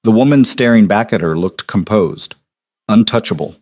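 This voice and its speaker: Low-voiced man narrating a romance. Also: lively intonation, moderate pace, a little mellow, no echo, clean studio sound. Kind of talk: scripted audiobook narration.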